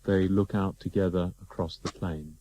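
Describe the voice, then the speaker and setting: Male narrator, mellow and a bit low, reads stage directions. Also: steady tone, moderate pace, slight background noise, rough recording.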